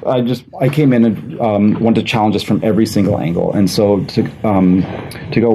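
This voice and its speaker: Rambling man with a mellow, low voice. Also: fairly even intonation, brisk, a little hiss or hum, low-quality recording. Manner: rambling with many fillers and restarts. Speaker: game designer on a convention panel. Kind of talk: casual panel talk.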